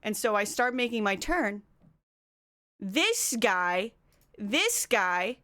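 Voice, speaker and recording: A woman streamer chatting casually with her live viewers, telling a story in an animated way and climbing higher as she gets worked up. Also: takes it slowly, long pauses.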